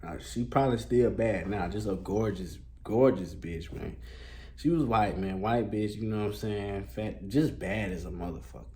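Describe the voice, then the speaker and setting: A man's voice: fairly low pitch, normal speed, dark tone. A man telling a casual storytime, talking loosely in street slang with a lot of fillers and swearing. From Columbus, Georgia, US.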